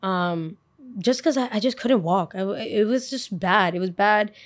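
A woman's voice: medium pitch, unhurried. A young woman with a mid-range voice tells a personal story to her listeners. She talks casually and with plenty of expression, and swears freely along the way. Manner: animated, expressive, with frequent swearing. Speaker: podcast host.

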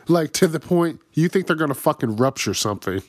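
A man's voice: fairly high pitch, lively intonation, moderate pace, no echo, clean studio sound. A man hosting a podcast, delivering a profane, exasperated comedic rant. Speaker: podcast host. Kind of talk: ranting comedic monologue.

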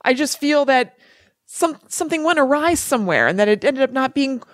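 A woman co-hosting a podcast in casual chat, talking in quick asides and laughing. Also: high-pitched, animated, dry recording, clean studio sound. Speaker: podcast co-host.

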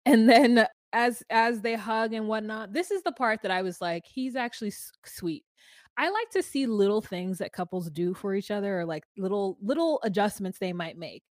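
A woman's voice: mid-range voice, expressive, normal speed, hardly any pauses, no echo, studio quality. A woman co-hosting a podcast, recapping a reality show in casual, joking chat. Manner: chatty, joking, sings silly made-up lyrics. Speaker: podcast co-host.

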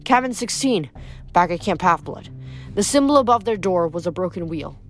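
A woman reading a novel aloud in an expressive narrating voice. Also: fairly low pitch, moderate pace, soft background music. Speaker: reader.

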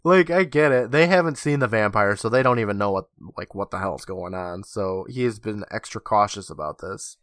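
A man's voice: on the low side, moderate pace, few pauses, no echo, studio quality. A man co-hosting a podcast, recapping an episode scene by scene and acting out the characters' lines. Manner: animated retelling, acting out lines. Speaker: podcast co-host.

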